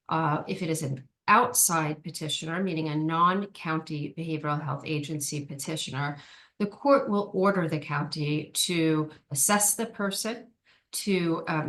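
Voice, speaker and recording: Woman with a low voice walking thru a training, lots of ums, video call mic. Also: fairly bright tone. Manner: explanatory, with frequent ums and restarts. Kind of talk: online training presentation.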